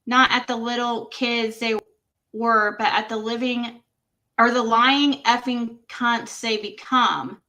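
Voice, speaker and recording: A livestream host with a bright, slightly high voice slowly reads screenshots of text messages aloud to her audience, her intonation fairly even. She keeps pausing to react with exclamations and laughter.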